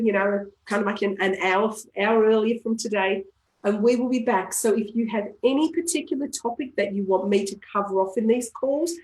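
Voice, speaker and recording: A woman who coaches emotional tapping, leading a guided session on a live call and repeating calm affirmations for listeners to say. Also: fairly high pitch. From Australia. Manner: calm, repetitive affirmations, coughs now and then. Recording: roomy echo on a live call.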